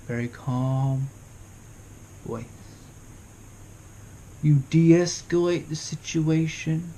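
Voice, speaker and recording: A man's voice: on the high side, steady tone, slow, long pauses, warm tone, slight background noise. A young man in his early twenties talking casually to camera, giving parenting advice and asking rhetorical questions. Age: young adult. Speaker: vlogger.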